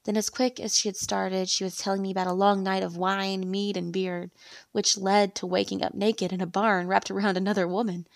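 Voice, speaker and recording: A woman reads a first-person story aloud in a steady, even storytelling manner. Her voice has a gravelly, creaky texture. The recording is dry and close, with no room sound. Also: mid-range voice, a little fast, no echo.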